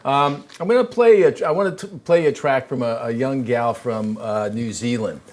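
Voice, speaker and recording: A man's voice: mid-range voice, normal speed, darkish tone, a little hiss or hum. A man hosting an interview show, talking casually with fillers and restarts as he sets up questions and tracks. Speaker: host.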